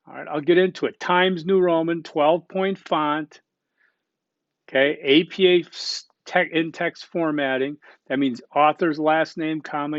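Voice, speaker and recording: A man in his fifties or older, teaching a recorded college lecture in a conversational way, full of "okay?" checks, fillers and quick self-corrections. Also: a little high, fairly bright tone, dry recording. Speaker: college instructor. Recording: dry, dull lo-fi recording.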